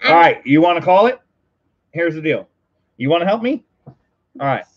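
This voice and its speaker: A man hosting a livestream coin auction, chanting bids in a quick rhythmic auctioneer patter and bantering playfully between calls. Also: on the high side, expressive, highs cut off. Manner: rapid rhythmic bid calling, playful teasing. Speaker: host auctioning coins on a livestream.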